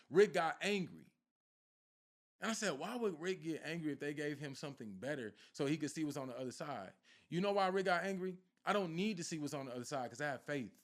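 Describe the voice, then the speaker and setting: A man's voice: on the high side, a bit bright. A man giving a casual, preachy spiritual talk straight to his viewers, often repeating himself to press his point. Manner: preachy, repetitive, addresses viewers directly. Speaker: spiritual content creator.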